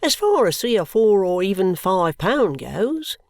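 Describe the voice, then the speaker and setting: Reader voicing a hushed, scheming young clerk. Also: mid-range voice, very animated, unhurried, dry recording, pitched above the performer's own voice. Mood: hearty. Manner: confiding, drops to a hushed whisper. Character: scheming young male law clerk, sentimental.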